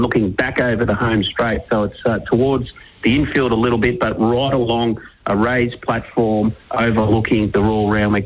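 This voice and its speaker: An Australian man from a turf club, giving steady, informative promotional details on radio. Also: medium pitch, poor audio.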